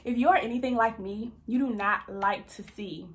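Young woman chatting away while she organizes, slangy and animated, kinda high voice, echoey bathroom. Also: normal speed. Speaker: lifestyle vlogger. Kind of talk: casual organizing vlog chat. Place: bathroom at home.

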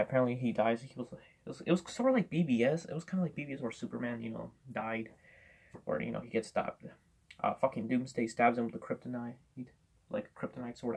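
Man, casual rambling movie reviewer, quick delivery, husky gravelly voice, curses a lot. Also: medium pitch. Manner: rambling, swears a lot, many fillers and restarts.

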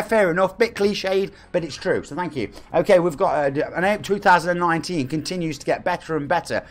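An English man in his forties with an East Midlands accent chats upbeat with viewers during a live game stream, reading their names aloud. His voice is on the high side.

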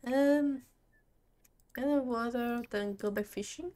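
A woman's voice: a little high, takes it slowly, dark tone. A woman casually commenting on her gameplay, talking to her character and laughing often. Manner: talks to her game character, laughs a lot. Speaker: gaming channel host.

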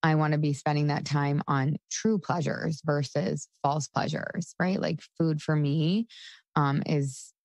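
A woman's voice: sits low, steady tone, measured pace, darkish tone, no room sound. Chatty woman coach, dry close mic. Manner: chatty, full of "like" fillers, laughs often. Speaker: podcast guest, coach. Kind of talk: casual interview talk.

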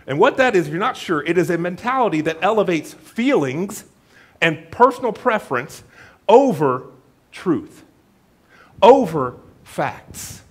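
A man's voice: high voice, unhurried. A man preaching a sermon in a church, telling a folksy joke story and acting out the voices of its characters. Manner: animated storytelling with acted-out voices; jokey, folksy. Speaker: pastor.

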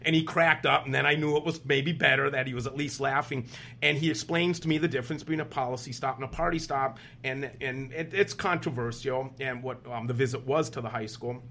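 A man's voice: mid-range voice, fairly quick, gravelly. A man in his fifties from Wisconsin, telling stories animatedly as an interview guest and acting out other people's lines. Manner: lively, animated storyteller who acts out other people's lines. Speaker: guest, state senator and former teacher. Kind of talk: animated storytelling in a conversational interview.

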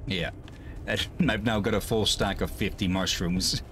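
Gaming streamer, man, low unhurried voice, relaxed and chuckly. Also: a little hiss or hum. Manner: relaxed, laughs often, thinks aloud. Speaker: streamer playing a co-op game. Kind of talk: casual gaming chat.

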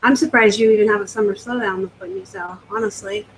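A woman's voice: medium pitch, steady tone, fast talker, a little hiss or hum, poor audio. Chatty woman hosting a live stream. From West Coast of the US. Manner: chatty, rambling, casual. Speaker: host. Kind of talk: live-stream chat answering viewer comments.

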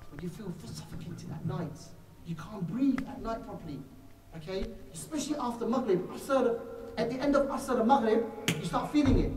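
A man's voice: very high voice, a little mellow. A man preaches to a congregation, calling them brothers and acting out small scenes to make his points. He is heard from some way off in a large echoing hall with a faint background hum. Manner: addresses listeners as brothers, acts out little scenes. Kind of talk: religious lecture to a congregation. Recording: echoey hall recorded from far off.

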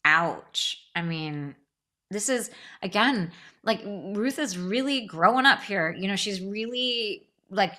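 A woman's voice: mid-range voice, lively intonation, takes it slowly, sharp tone. A woman lecturing on a novel, enthusiastic, stumbling over restarts and fillers as she reads passages aloud. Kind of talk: literature lecture.

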